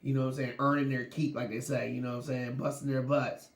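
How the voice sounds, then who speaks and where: Slangy, animated sports podcast host man. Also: medium pitch, fast talker, creaky, reverberant. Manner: animated, slangy, laughs while talking. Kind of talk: casual sports talk.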